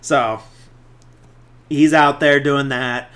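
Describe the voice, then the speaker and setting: Very slow and steady in tone, a male podcast host with a mid-range, slightly bright voice retells a movie scene by scene. The casual recap rambles, is packed with fillers, and features quotes he acts out.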